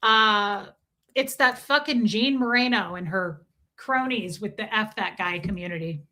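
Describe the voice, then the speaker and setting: A woman from the United States livestreaming, telling a story in a casual, profane, animated way with quick asides to chat. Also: medium pitch. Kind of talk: casual storytelling while reading live chat.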